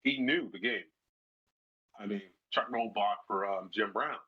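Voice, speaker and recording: A middle-aged man, a former football player, telling lively stories in a casual interview and acting out the people he quotes. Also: on the low side, a little slow, slightly rough. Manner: animated storyteller who acts out quoted voices. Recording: slightly dull lo-fi sound.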